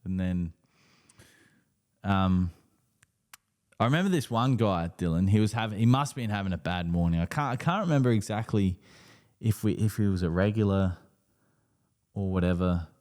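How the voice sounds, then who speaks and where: Aussie bloke on a live podcast, mellow tone, swears a lot, rambles. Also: male voice, sits low, normal speed, pauses often. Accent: Australian. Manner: swears freely, rambling animated storytelling. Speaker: podcast co-host. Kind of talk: casual live podcast chat.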